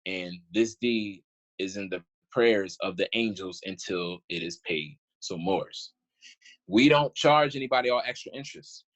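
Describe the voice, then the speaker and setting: A man's voice: fairly low pitch, low-quality recording. Indignant man ranting over old documents. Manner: animated, indignant, rambling with restarts; informal speech with frequent "y'all". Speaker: online commentator. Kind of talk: casual commentary reading documents aloud.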